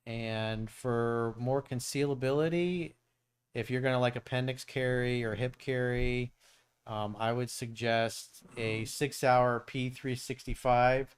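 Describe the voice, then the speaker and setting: This dating coach and show host, a middle-aged man from South Florida, talks slowly and smoothly in a steady, mid-range voice. On his casual live-stream Q&A he's blunt and profane, working stories into his answers.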